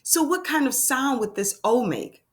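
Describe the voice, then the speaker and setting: A woman's voice: high voice, lively intonation, unhurried. A woman teaching a phonics lesson to young children, sounding out letters and making playful exclamations.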